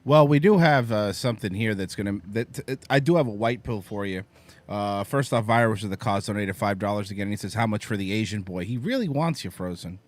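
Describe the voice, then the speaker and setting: A man's voice: fairly low pitch, a little fast. A man hosting a podcast in casual chat, wry and mocking as he reads donations and sets up clips. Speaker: podcast host.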